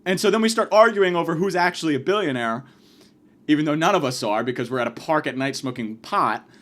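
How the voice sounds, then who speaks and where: Man, rambling comic storyteller, swearing a lot, very lively swoops in pitch, bursts of shouting when quoting himself. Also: a little fast. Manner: rambling, profane, self-mocking, acts out shouted quotes. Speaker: podcast host. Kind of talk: casual comedic storytelling monologue.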